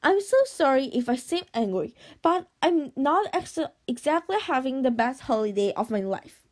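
Sarcastic castaway wife, bitter and cutting, high voice, read by a woman. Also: big pitch swings, normal speed.

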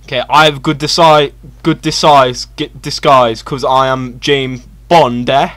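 A young man giving casual, excitable co-op gameplay commentary, laughing and yelling at his teammate. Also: mid-range voice, unhurried, no echo. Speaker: gaming channel host.

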